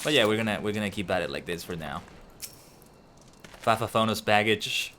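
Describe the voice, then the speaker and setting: A man's voice: lowish voice, brisk, sharp tone, slight background noise. A man streaming himself playing a game, chatting casually and rambling in a self-deprecating way. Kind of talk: casual gameplay commentary.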